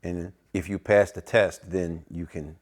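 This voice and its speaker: A middle-aged man, a jazz saxophonist, telling anecdotes in a relaxed interview and acting out the lines of people he quotes. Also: low-pitched, measured pace. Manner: acts out other people's lines in quoted voices.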